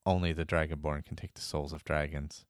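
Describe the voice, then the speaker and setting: An earnest male guard from the tower makes a solemn proclamation, as a man voices him in a fan audio story. The voice is very deep and smooth. It is recorded close and dry. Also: little pitch movement, a little fast, no echo.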